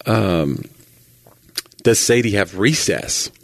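Laid-back Southern American man, low voice. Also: expressive, creaky, fairly bright tone, no room sound. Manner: storytelling, laughs often, does quick voices for quotes. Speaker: podcast co-host. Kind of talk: casual chat.

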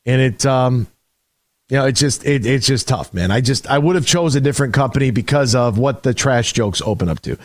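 A man's voice: mid-range voice, brisk, no room sound. A man hosting a sports radio show in a casual, emphatic style, often restarting his sentences. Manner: conversational, emphatic, frequent restarts.

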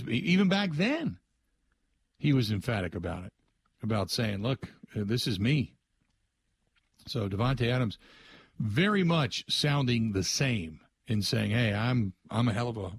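Husky-voiced male sports radio host. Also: mid-range voice. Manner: loose, rambling storytelling, invites listener calls. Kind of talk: conversational sports radio talk.

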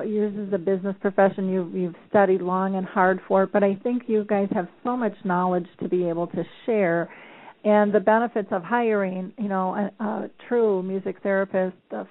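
A woman hosting an interview, encouraging her guest with loose, rambling phrasing and repeated "you know". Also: mid-range voice. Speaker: host. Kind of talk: conversational interview over the phone. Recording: tinny phone line.

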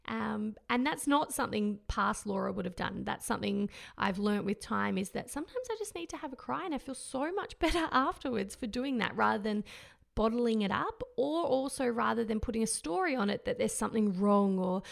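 Woman with a heavily creaky voice. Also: fairly high pitch, animated, a little fast. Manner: candid and reflective, with fillers and gentle laughs. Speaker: mother sharing her postpartum experience. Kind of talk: casual personal monologue.

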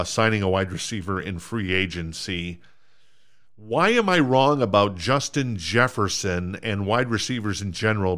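Man, from minnesota, podcast host, casual rambling, self-deprecating, lowish voice. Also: fairly bright tone. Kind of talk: casual sports podcast chat.

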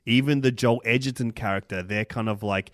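A man's voice: medium pitch, brisk, dry recording, clean studio sound. A man co-hosting a casual film podcast, analytical and enthusiastic, who swears casually. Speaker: podcast co-host.

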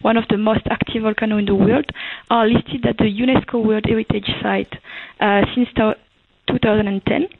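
A woman's voice: mid-range voice, steady tone, normal speed, creaky, no room sound. A woman with a French accent, a tourism officer from Reunion Island, explaining eagerly as a guest in a phone interview. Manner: enthusiastic, explanatory, gently accented. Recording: tinny phone line.

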